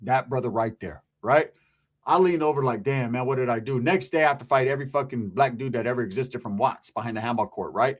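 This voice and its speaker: A guest from California recounts his past in a casual, profane, animated way, acting out other people's voices as he tells the story. His voice is mid-range and a little fast.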